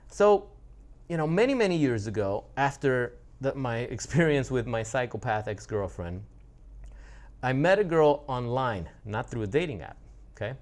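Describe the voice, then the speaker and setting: A man's voice: medium pitch, sing-song, normal speed. A man giving a blunt, profane monologue about relationships, often restarting his sentences. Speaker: relationship coach. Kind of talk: casual monologue.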